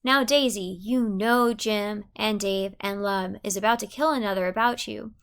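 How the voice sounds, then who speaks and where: Joking flattering man, read by a woman, exclaiming, rural dialect, gravelly. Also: mid-range voice, normal speed, close to an everyday voice. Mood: teasing.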